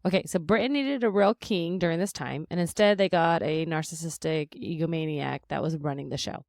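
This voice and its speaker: A woman co-hosting a casual podcast, asking curious, teasing questions in a quick, chatty way. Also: low voice, vocal fry, a little mellow, no echo, studio quality. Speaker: podcast co-host.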